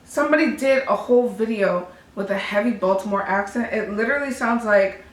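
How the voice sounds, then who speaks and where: A woman's voice: medium pitch, brisk, roomy sound. A woman co-hosting a podcast, chatting casually in a blunt, profane, teasing way. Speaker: podcast co-host. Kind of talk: casual chat.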